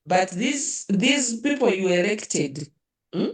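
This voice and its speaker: A woman's voice: medium pitch, very animated, slow, reverberant, distant mic. A woman with a Ugandan accent giving impassioned political commentary, indignant and rhetorical, often adding "eh?" and "hmm?".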